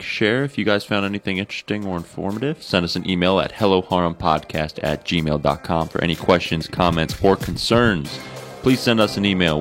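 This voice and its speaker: Male podcast host, very deep voice, easygoing, light background music. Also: a bit bright. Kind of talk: casual chat among friends.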